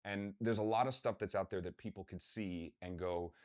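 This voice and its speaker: A man hosting a podcast interview, telling stories in a loose, animated way, swearing freely and acting out what people said. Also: low-pitched, moderate pace. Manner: animated storyteller, swears freely, acts out quotes. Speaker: podcast host. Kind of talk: casual conversational interview.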